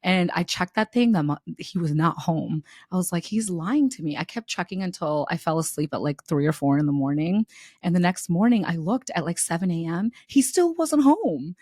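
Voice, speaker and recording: A woman's voice: on the low side, a little fast, dry recording, clean studio sound. Candid young woman telling a dating story. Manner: animated, candid, laughs through the story, swears freely. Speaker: podcast co-host. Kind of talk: casual podcast chat, storytelling.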